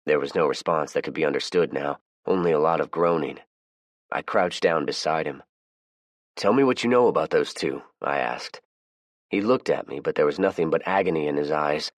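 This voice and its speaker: A man with a very deep voice reads a first-person audiobook in a measured, even manner. The sound is dry and close, with no room echo. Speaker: audiobook narrator.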